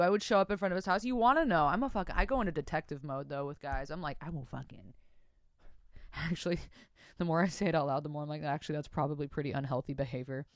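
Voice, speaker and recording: A young woman hosts a casual podcast, reading listener stories aloud and breaking in with profane, animated reactions, laughs and comments. Her low voice is smooth and clear, and she talks fast. The recording is dry and close, with no room sound.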